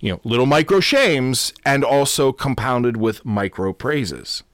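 A man's voice: medium pitch, lively intonation, a little slow, no echo, studio quality. A man who is a Lutheran pastor hosting a podcast, giving an unscripted teaching talk that often repeats and corrects itself and checks in with "okay?". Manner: repetitive, self-correcting, asks "okay?" often.

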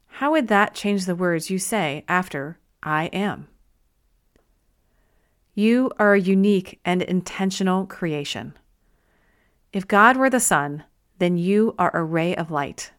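Gentle woman reading an inspirational book. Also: on the low side, animated, takes it slowly, pauses often. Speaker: narrator. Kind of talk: audiobook narration.

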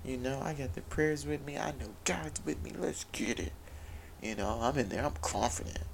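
A man's voice: mid-range voice, moderate pace, creaky, slight background noise, poor audio. A man telling a personal story of faith and struggle in an earnest, confessional way, with many restarts. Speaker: father sharing a personal story. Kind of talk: candid personal talk about faith.

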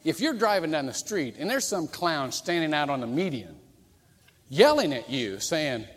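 Male pastor, high and very expressive, jokey storytelling sermon, echoing sanctuary. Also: moderate pace. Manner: animated and humorous, acting out quoted voices. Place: church sanctuary. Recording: reverberant church hall.

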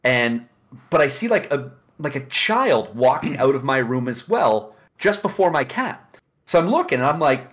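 A man's voice: a little high, big pitch swings, normal speed, a bit bright. A man, a guest on a casual podcast, telling a long story with many restarts and asides.

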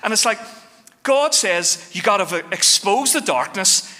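A man preaching a sermon as pastor, telling stories with lively shifts between quick bursts and slow, weighty phrases. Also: high-pitched. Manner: animated storytelling, shifting fast and slow. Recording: long hall reverb.

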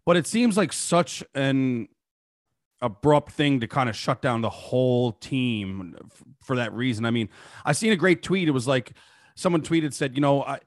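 A man's voice: medium pitch, lively intonation, no room sound. Easygoing man, dry close sound. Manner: easygoing, agreeable, measured. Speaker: comedian guest. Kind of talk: casual chat. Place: remote call.

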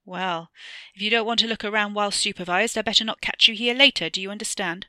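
A woman's voice: medium pitch, steady tone, fast, pushed and bright, no room sound, clean studio sound. A woman reading a short story aloud, voicing a stern, probing older man with a lilting accent. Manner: brusque, probing questions.

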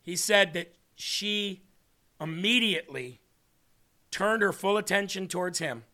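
Bright, high-voiced man preaching a story. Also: a little slow. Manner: animated, acts out dialogue in a story. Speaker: host and preacher. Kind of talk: storytelling sermon.

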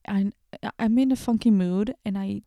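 A woman's voice: mid-range voice, normal speed, warm tone, no echo, studio quality. A woman hosting a casual solo podcast, rambling and giggling with self-deprecating jokes, wired on late-night coffee. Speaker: podcast host. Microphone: podcast microphone.

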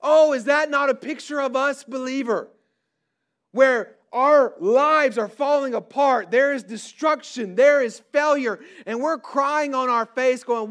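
A middle-aged male pastor preaching a sermon to a large crowd, pressing his points with rising emphasis and drawn-out stressed words. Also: very high voice, a bit bright. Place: large hall before a crowd.

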